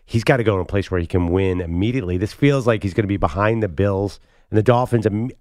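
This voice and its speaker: Man, sports talk co-host, wry skeptical banter, low voice, dry close sound. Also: fast, a little mellow, no echo. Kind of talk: casual sports debate.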